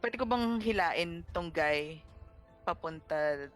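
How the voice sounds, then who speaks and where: Bright, playful Filipino-accented player. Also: mid-range voice, takes it slowly, soft background music. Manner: playful, thinking aloud. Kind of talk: casual game chat mixing English and Tagalog.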